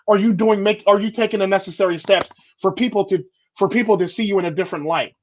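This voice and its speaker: A man's voice: high voice, quick pace, few pauses, dull audio, slight background noise. A man hosting a casual chat, talking bluntly and rambling with repeated stock phrases. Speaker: podcast host.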